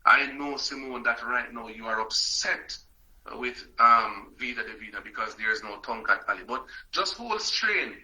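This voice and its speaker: A man's voice: medium pitch, animated, normal speed, pushed and bright, rough recording. A man hosting a motivational live stream, emphatic and repetitive, calling out viewers by name.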